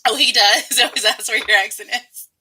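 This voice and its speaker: Giggly Texan woman in her thirties, bright and fairly high, chatty livestream host. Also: moderate pace, breathy edge. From Texas. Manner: giggly, chatty, frequent laughter. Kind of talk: casual live-stream chat.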